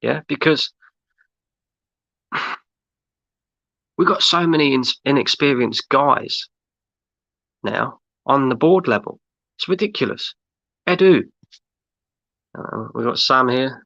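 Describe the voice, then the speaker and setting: A man's voice: medium pitch, animated, takes it slowly, vocal fry, pauses often, pushed and bright, no room sound. A man hosting a fan livestream, talking in a weary, sighing way. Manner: weary, sighing, talks plainly. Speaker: stream host. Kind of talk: casual livestream chat. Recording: dry, dull lo-fi audio.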